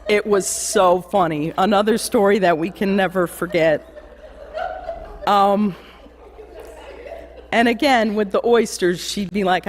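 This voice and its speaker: A woman shares fond anecdotes at a memorial in a church, laughing as she goes and acting out the voices of the people in her stories. Her voice sits at a middling pitch and carries a long reverberant tail from the big room. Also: measured pace, long pauses. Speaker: eulogy speaker. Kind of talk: memorial remembrance.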